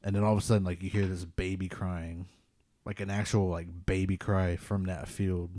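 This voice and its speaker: A man with a low, warm voice tells a personal ghost story in a casual, rambling way, leaning on "like" again and again. He is a podcast host in casual conversation. The recording is dry and close. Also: moderate pace, no echo. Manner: relaxed, rambling, many "like" fillers.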